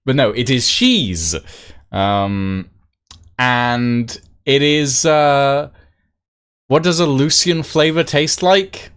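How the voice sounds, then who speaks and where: A man's voice: medium pitch, takes it slowly, fairly bright tone, clean tone. A man chatting casually on a live stream, rambling with lots of fillers and restarts.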